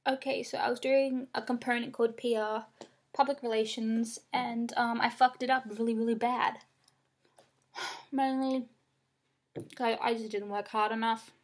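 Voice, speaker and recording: Young adult woman, slightly high voice, upset and candid vlog vent with frequent swearing, close-up room sound. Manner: upset, rambling and frank, swears often. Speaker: vlogger. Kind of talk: casual venting to camera. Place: small room indoors.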